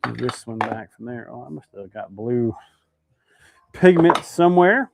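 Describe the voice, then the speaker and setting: Guy chatting on a live stream while making fishing lures, reads comments out loud. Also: medium pitch, animated, measured pace, gravelly, very noisy. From Idaho, United States. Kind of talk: casual live stream chat.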